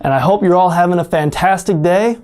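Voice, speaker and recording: This native English speaker, giving an online pronunciation lesson, talks slowly and carefully while overdoing sounds for demonstration. Their voice sits in the mid range with a darkish tone.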